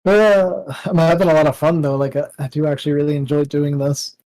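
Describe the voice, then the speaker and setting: Fast-talking man losing his voice. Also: fairly high pitch, little pitch movement, a little mellow, no echo, low-quality recording. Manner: clears throat often. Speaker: co-caster. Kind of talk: casual commentary chat.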